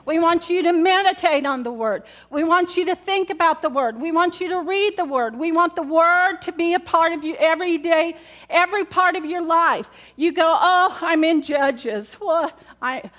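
Standing before her congregation in church, a woman pastor preaches in a chatty, repetitive style, putting questions to the room and repeating key words. Her very high-pitched voice is a bit bright and moves at a moderate pace.

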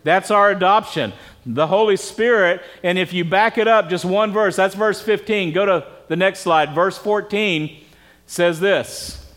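Speaking unhurriedly in a high, slightly bright voice, a pastor gives a relaxed, conversational sermon at a church service. He regularly pauses to question the congregation.

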